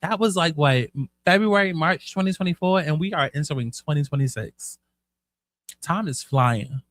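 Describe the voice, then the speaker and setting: A man hosting a casual commentary show, sassy and profane, animated as he dishes the news. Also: a little high, fairly quick. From United States. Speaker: host.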